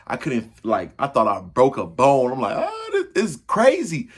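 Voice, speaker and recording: A man telling a funny personal story to his viewers in a casual, slangy way, acting out the crashes and his own yells. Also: medium pitch, normal speed, slightly rough. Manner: animated, acts out yells and crashes.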